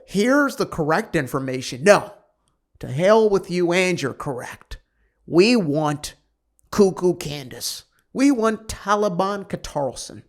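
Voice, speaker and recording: A man voicing a mocking caricature of a stubborn male conspiracy theorist, loud and exaggerated. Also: high-pitched, voice pushed up, exaggerated voice.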